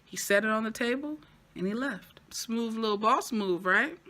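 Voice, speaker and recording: A woman gives a casual TV recap in a bright, forceful voice. She talks in a lively, animated way and throws in playful asides. Her voice jumps high when something excites her. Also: moderate pace. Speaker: TV show reviewer.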